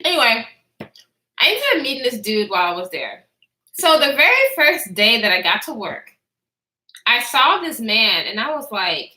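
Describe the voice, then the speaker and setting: A woman in her twenties chats through a storytime for her live viewers, cursing freely and answering the chat between sentences. Her voice sits high and bright. The room around her is echoey. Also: very animated, measured pace. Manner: blunt, profane and chatty, answering chat as she talks.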